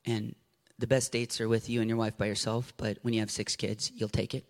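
A man preaching a sermon, building to shouted passion and then easing into quiet storytelling. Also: on the low side, little pitch movement, fairly quick.

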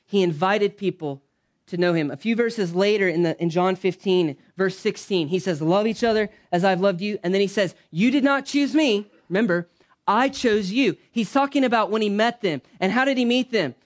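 High-voiced pastor preaching. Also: male voice, fairly quick. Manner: conversational preaching, swings between loud emphasis and soft low asides. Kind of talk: sermon. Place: church.

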